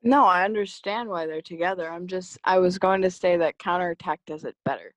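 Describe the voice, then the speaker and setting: A woman's voice: on the low side, brisk, fairly bright tone, no room sound. A woman co-hosting a podcast, chatting frankly and offhandedly about poems, with casual swearing. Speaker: podcast co-host. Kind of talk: casual chat.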